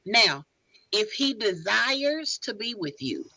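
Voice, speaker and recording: Emphatic bright-voiced woman guest. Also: medium pitch, slow pace, no echo, rough recording. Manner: emphatic, animated advice-giving. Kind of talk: casual chat.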